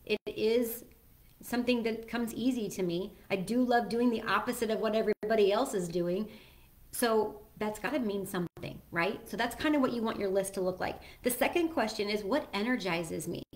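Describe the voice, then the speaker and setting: A woman's voice: medium pitch, normal speed. Chatty earnest woman talking to camera. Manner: chatty and earnest, with many ums and self-corrections. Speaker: host sharing personal advice. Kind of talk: casual solo talk to camera.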